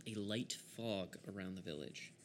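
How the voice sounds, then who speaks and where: A man's voice: low-pitched, moderate pace, a little hiss or hum. A man narrating as game master of a tabletop game, easygoing, with frequent chuckles and fillers.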